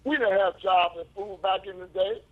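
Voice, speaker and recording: Angry caller, grieving, fairly high and husky, phone line. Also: male voice, moderate pace. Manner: angry, emphatic, repeats himself. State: grieving and upset. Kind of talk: call-in radio talk.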